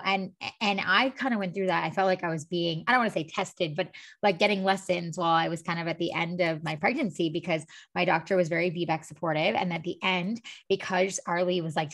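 A woman hosting a podcast, telling a personal story in rambling casual chat full of filler words. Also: fairly low pitch. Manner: rambling storyteller, many "like"s and "you know"s. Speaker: podcast host.

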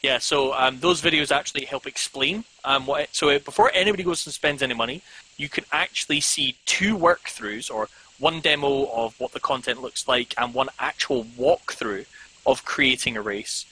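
A man's voice: mid-range voice, moderate pace, pushed and bright, slightly rough, low-quality recording. A man chatting casually as a guest, rambling with lots of "um"s and self-mocking jokes. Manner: rambling, frequent ums, self-mocking humor. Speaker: podcast guest. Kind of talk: casual video-call chat.

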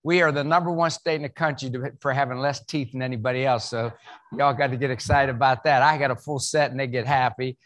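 A man's voice: mid-range voice, fairly even intonation, fast, a bit bright. A man from West Virginia with a Southern accent, giving a humorous motivational keynote at an event, folksy and full of jokes. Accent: Southern American. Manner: folksy, joking storyteller. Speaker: keynote speaker. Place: event hall.

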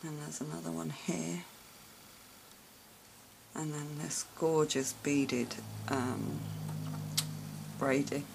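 A woman showing gifts on camera in a casual vlog, gushing with soft exclamations and whispers of awe. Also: deep voice, little pitch movement, slow, vocal fry, pauses often, background noise. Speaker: vlogger unboxing gifts. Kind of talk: casual show-and-tell unboxing.

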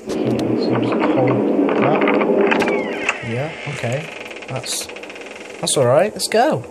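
A man's voice: mid-range voice, expressive, takes it slowly, very noisy. A young man casually commentating a horror game at home, rambling and hesitant, laughing when he gets scared. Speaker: gaming YouTuber. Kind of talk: casual let's play commentary. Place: home room, family noise downstairs.

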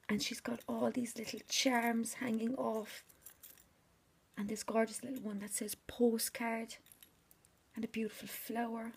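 A woman's voice: a little high, little pitch movement, moderate pace, vocal fry, a little mellow, breathy edge. Gushing woman, whispering and gasping. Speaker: craft vlogger opening gifts. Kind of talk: unboxing chat, often whispering. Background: crinkling paper and packaging.

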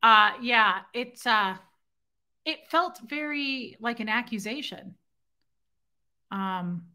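A woman's voice: fairly high pitch, expressive, a little slow, pushed and bright. A woman hosting a casual livestream from home, animatedly retelling a story and thanking viewers by name. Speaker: livestream host. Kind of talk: casual live-chat storytelling.

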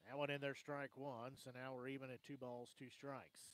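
A man calling softball play-by-play for a sports broadcast in a brisk, conversational manner. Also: medium pitch, flat delivery, dry recording, low-quality recording. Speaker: play-by-play announcer.

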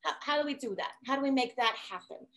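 A brash auntie figure, acted by a woman, fast-talking and firm, pushing someone to stop crying and act. Her voice sits fairly high and brisk, with short commands. It is a tabletop role-playing scene. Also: fairly bright tone, slight background noise. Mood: soothing.

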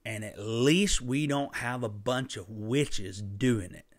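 A man preaching a sermon through a personal story, impassioned and emphatic, with sudden loud bursts. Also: mid-range voice, slow pace, dry recording.

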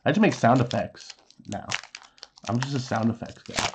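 A man's voice: mid-range voice, expressive, normal speed, background noise. A man in his thirties casually chatting while opening trading card packs, reading card names aloud and making sound effects. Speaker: card unboxing host.

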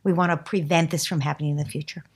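A woman being interviewed on a podcast as a parenting expert, calmly explaining and acting out what a parent and child might say. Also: deep voice, racing, slightly rough. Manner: acts out parent and child lines, calm and explanatory.

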